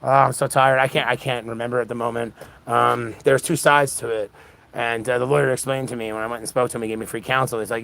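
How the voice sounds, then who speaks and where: An exhausted man around forty rushes through a rambling monologue, his voice gravelly and low-edged. He jumps between thoughts, restarts sentences and piles on fillers. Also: flat delivery, a bit bright. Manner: fast, scattered, many restarts and fillers. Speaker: independent political livestreamer. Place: outdoor punk festival.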